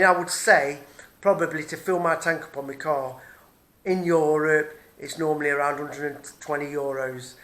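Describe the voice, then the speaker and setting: A man's voice: a little high, fairly bright tone. A middle-aged man, ranting angrily and swearing in a personal vlog, repeating himself as he goes. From Britain. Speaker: vlogger. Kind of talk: angry personal rant.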